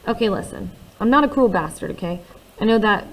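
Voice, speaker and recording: A woman narrating a first-person novel in a quiet, confiding way, with conversational asides to the listener. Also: medium pitch, lively intonation, brisk, rough recording. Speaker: audiobook reader.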